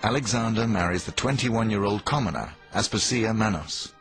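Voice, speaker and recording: A man's voice: lowish voice, normal speed. Man narrating a history documentary. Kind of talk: scripted narration. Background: music.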